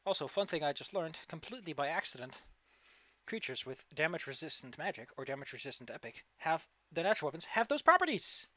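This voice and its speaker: A man's voice: fairly high pitch, very animated, fast, bright, forceful tone, no room sound. A man running a tabletop game as game master in a chatty way, laughing and explaining rules over a voice call.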